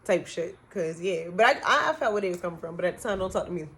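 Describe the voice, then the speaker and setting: A young woman telling a storytime vlog in a casual, animated way, cussing a lot and acting out what people said. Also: fairly low pitch, fast talker. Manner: animated, profane, acts out quotes.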